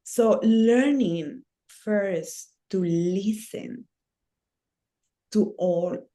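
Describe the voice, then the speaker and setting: A woman guest in a conversational interview whose voice sits low for a woman. She takes her time and lays out her thoughts slowly and earnestly, in short phrases broken by fillers. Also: darkish tone. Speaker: interview guest, ceremony facilitator.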